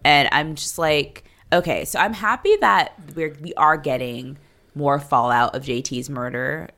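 A woman's voice: deep voice, unhurried, fairly bright tone. A woman co-hosting a podcast, talking loosely and profanely with lots of "like" fillers. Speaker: podcast co-host recapping a TV series. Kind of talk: casual chat.

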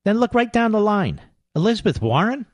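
A sarcastic male radio host with a high voice that swings up and down as he rants. He sounds dry and close to the mic, scoffing and combative throughout. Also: very animated, brisk, no room sound, lo-fi sound. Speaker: radio talk show host. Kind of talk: political talk radio monologue.

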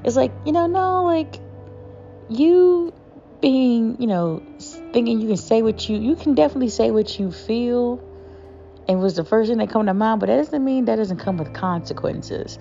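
A woman co-hosting a podcast, talking through her feelings in a halting, self-affirming way with many fillers. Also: on the high side, expressive, creaky, mellow, dull audio, soft background music. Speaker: podcast co-host. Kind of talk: reflective podcast monologue.

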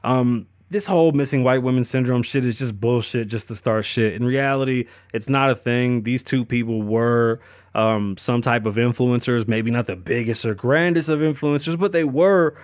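A man's voice: mid-range voice, moderate pace, dry recording, studio quality. A man hosting a podcast, riffing on news in a casual, profane, joking way. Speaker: podcast host. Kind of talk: casual commentary.

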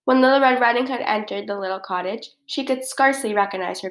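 A woman's voice: on the high side, quick pace, few pauses, a bit bright. Woman reading a fairy tale aloud. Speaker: narrator. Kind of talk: storybook reading.

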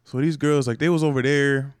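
A man's voice: mid-range voice, a little fast, clear, resonant tone, no echo, clean studio sound. A young man co-hosting a podcast in casual chat, telling stories with lots of slang and frequent laughter. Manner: animated storyteller, laughs often, slangy. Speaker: podcast co-host.

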